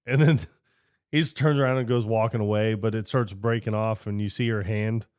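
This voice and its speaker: Podcast co-host, lively storyteller, jumps into higher voices for quotes, dry close sound. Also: male voice, brisk, dry recording. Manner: animated, acts out movie lines in raised voices. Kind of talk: casual film chat.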